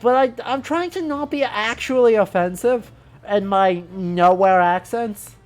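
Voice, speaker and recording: A woman's voice: mid-range voice, a little slow, a little mellow, faint music behind. A woman streamer talking casually while playing a game, in a chatty, rambling way that keeps correcting itself. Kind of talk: casual gaming stream commentary.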